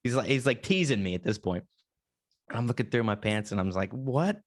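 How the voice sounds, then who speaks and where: A man's voice: lowish voice, fairly quick. A young man hosting a podcast, telling a story in casual chat and acting out his own panicked reactions. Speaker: podcast host.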